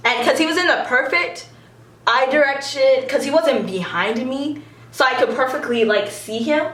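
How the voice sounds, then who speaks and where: A young woman excitedly telling a story in a vlog, giggling and acting out what people said. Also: high-pitched, moderate pace, roomy sound, distant mic. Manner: gushing, giggly, acts out quotes.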